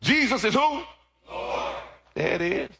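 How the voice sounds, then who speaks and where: A man's voice: sits high, animated, unhurried, vocal fry, pushed and bright. A middle-aged man preaching a sermon, firing call-and-response questions at the congregation. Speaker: pastor.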